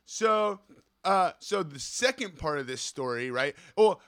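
A man hosting a podcast, ranting in a loose, profane monologue. His voice sits a little high and sounds bright and forceful. He keeps checking in with his listeners as he talks. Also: a little slow, clear, resonant tone. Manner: profane, animated, keeps asking "right?". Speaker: podcast host.

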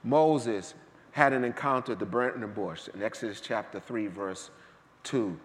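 Male pastor, animated sermon delivery, hushed to shouting, big church hall reverb. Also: on the low side, unhurried. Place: church sanctuary.

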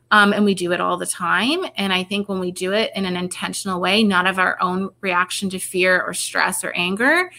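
Bright-voiced woman rambling through a conversation. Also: medium pitch, fairly even intonation, normal speed, hardly any pauses. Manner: rambling, many fillers and restarts. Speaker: researcher and podcast guest. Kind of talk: casual conversation.

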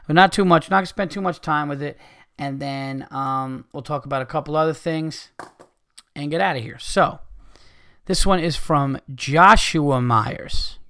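A man with a high voice hosts his podcast in a heated, profane rant. He talks with frustration and swears freely throughout. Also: unhurried, sharp tone, clear, resonant tone. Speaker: podcast host. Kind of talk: ranting podcast monologue.

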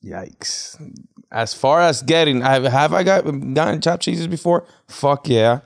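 A young man, a podcast guest, tells stories in a relaxed way and laughs along. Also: fairly high pitch, unhurried, creaky. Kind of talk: casual chat.

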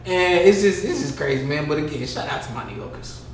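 A young man with a fairly high voice rants and tells stories on a casual podcast, swearing freely and breaking into loud, animated bursts. The room is echoey, with a faint hum of background noise behind him. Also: fast talker. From California. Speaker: podcast co-host.

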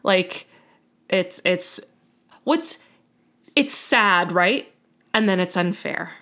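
A woman's voice: on the low side, animated, extremely slow, fairly bright tone. A woman co-hosting a podcast, telling a long story in casual chat, chatty and full of fillers and self-corrections. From United States. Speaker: podcast co-host.

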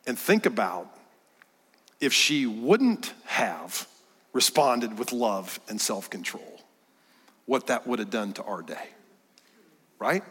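A middle-aged man giving a sermon as a guest preacher, telling a story with lively delivery and dropping to hushed tones. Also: mid-range voice, slow pace, long pauses, husky. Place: church sanctuary. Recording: church hall with long reverb.

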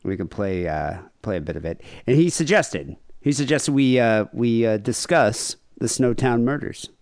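A man's voice: mid-range voice, animated, moderate pace, no room sound. A man hosting a podcast, chatting casually and reading out case notes with wry, dry commentary. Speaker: podcast host.

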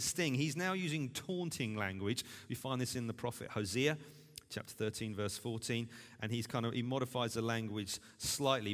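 A man's voice: mid-range voice, in a large hall. A man preaching a sermon, earnest and increasingly emphatic. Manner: earnest, grows animated and emphatic. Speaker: pastor.

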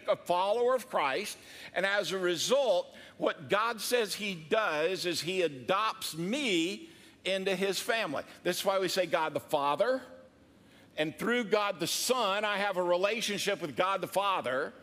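A male pastor preaching in a bright, forceful voice that sits high for a man. He keeps it conversational and joking, and his words ring out with a long hall reverb. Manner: conversational and joking, with quoted asides. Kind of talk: sermon.

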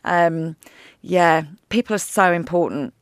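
Podcast host, woman, bubbly, laughs a lot, slightly low voice, dry sound. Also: smooth, dry recording. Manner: bubbly, laughs often, quick asides. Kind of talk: casual interview chat.

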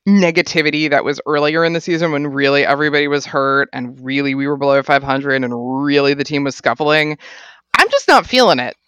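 A man co-hosting a casual sports podcast, chatty and relaxed with frequent restarts. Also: a little high, brisk, few pauses, smooth, no room sound. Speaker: podcast co-host.

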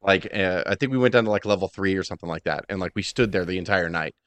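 A man talks quickly in a rambling, profane way, full of "uh" and "like." His voice sits in a middle register and sounds close and dry, with no room echo. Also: deep voice, a bit bright. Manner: rambling, swears freely, many fillers. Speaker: podcast co-host. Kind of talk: casual chat.

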